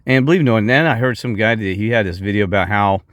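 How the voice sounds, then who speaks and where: Middle-aged male vlogger, low voice, heated and digressive, dry close sound. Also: fast, no echo. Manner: heated, digressive, many restarts. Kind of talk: rambling off-the-cuff monologue.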